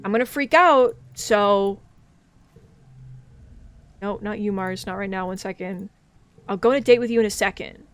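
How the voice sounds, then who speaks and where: A woman's voice: medium pitch, normal speed, pauses often. A woman streaming a video game, chatting casually, swearing often and reading the game's text aloud. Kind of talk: casual live-stream chat while playing.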